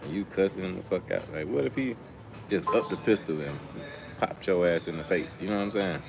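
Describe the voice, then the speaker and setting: Young guy doing a street livestream, low gravelly voice, slangy rambling stories, loud music behind. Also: brisk. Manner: loose slangy storytelling, talks to chat. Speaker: livestream host. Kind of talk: casual livestream chat. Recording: music playing loudly behind.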